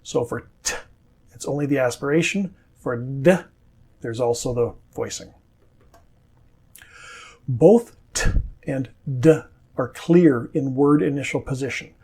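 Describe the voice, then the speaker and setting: A man with a North American accent teaching English pronunciation, saying model words slowly and carefully. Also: medium pitch, dark tone, breathy edge. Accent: standard North American. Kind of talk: scripted pronunciation lesson.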